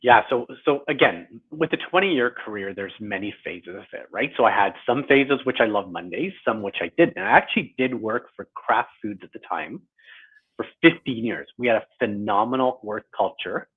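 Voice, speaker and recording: A guest author in his forties talks through his career in a conversational interview, reflective and lightly self-deprecating. His mid-range voice is husky and expressive at a moderate pace, heard over a tinny, phone-like line.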